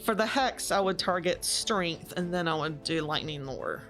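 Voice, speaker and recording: A woman's voice: lowish voice, expressive, normal speed, music in the background. A woman playing a tabletop game, talking through rules plainly. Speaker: player.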